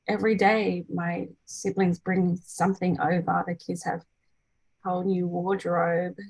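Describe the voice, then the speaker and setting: An energy healer in her thirties runs a casual group call, talking chattily with many fillers and restarts and voicing quoted people brightly. She has a lowish, breathy-edged voice, captured in a rough recording with no room sound.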